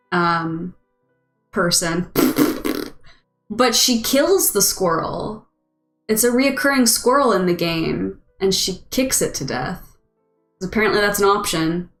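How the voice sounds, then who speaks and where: An American woman hosts a casual stream, chatting with her viewers in an unhurried, rambling way and giggling often. Her voice sits in a middle pitch. The room sounds echoey, and faint music plays underneath. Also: a bit bright. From United States. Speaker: host.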